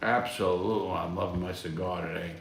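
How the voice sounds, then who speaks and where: A man's voice: low-pitched, fairly even intonation, brisk, slight background noise. Blunt, swearing man in an echoey room. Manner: blunt, heavy swearing, rambling. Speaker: live-stream host answering viewer chat. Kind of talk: casual live-stream chat. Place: at home, smoking a cigar.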